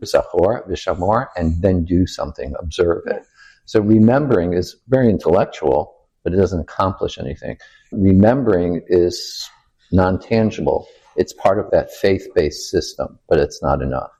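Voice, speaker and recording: An older man, a rabbi, telling stories in a relaxed interview, quoting people and asking rhetorical questions. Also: sits low, moderate pace, dull audio. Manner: animated anecdote-teller who quotes people and asks rhetorical questions. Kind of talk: storytelling in a casual interview.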